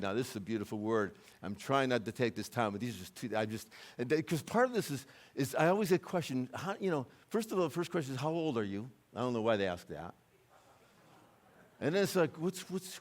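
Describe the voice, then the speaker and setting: An American man preaching a sermon in a church, moving between quiet conversational asides and loud, urgent climaxes. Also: big pitch swings, brisk. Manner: impassioned, rising to loud urgent peaks then dropping low and conversational. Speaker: guest preacher. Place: church sanctuary.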